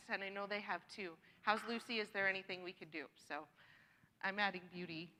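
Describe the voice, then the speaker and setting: A woman's voice: lowish voice, pushed and bright. A woman leading a church congregation in sharing time, chatty and encouraging, laughing often. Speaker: church worship leader. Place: church sanctuary. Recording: long reverb of a church hall.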